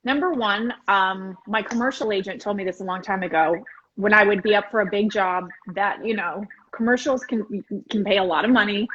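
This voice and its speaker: A woman's voice: mid-range voice, a little fast, fairly bright tone, lo-fi sound, a little hiss or hum. A woman in an interview from her home, chatty and upbeat, acting out little quotes as she talks. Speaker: entertainment correspondent, guest. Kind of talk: casual interview chat.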